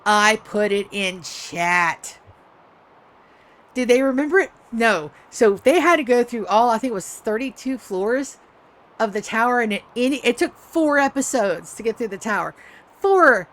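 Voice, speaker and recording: A woman's voice: fairly high pitch, moderate pace. A woman streamer chatting casually while playing a game, telling rambling, profane stories about running tabletop games. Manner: rambling, profane, animated storytelling.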